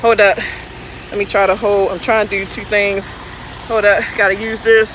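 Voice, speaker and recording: A woman's voice: medium pitch, level tone, moderate pace, fairly bright tone. A woman truck driver chatting casually and playfully with her livestream viewers, speaking into a phone. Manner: playful, goofy, talks back to viewers' comments. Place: outdoors by a truck at night. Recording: faint outdoor vehicle noise.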